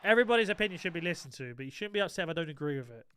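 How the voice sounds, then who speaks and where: A man's voice: on the high side, lively intonation, very fast, a bit bright, clear, resonant tone. A man live-streaming a football video game, chatting casually and joking with his viewers. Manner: banters with chat, jokey, self-described moaner.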